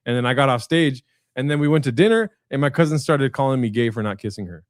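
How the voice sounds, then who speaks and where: Guy on a video call telling a rambling story, lots of ums and swearing, mid pitch, dry close sound. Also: expressive, fast, no echo. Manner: rambling anecdotes with frequent fillers and profanity. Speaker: guest comedian. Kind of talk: casual storytelling chat.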